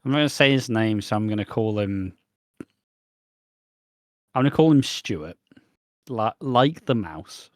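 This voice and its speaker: A man's voice: fairly low pitch, expressive, a little slow, long pauses, no echo, clean studio sound. A man co-hosting a casual podcast, telling a rambling story full of restarts and acted-out dialogue. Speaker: podcast co-host.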